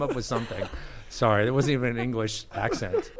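A man hosting a casual podcast chat, animated and quick to laugh. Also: medium pitch. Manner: animated, quick to laugh and jump into put-on voices. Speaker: podcast host.

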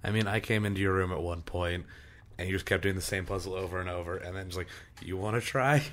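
A man's voice: deep voice, level tone, quick pace. A man joining a casual podcast chat, laid-back and profane.

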